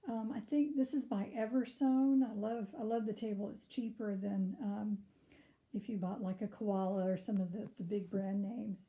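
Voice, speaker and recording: Slightly hoarse woman giving a relaxed tour. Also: mid-range voice, moderate pace, low-quality recording. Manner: relaxed and chatty, with frequent ums. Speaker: quilter giving a sewing room tour. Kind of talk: casual room tour.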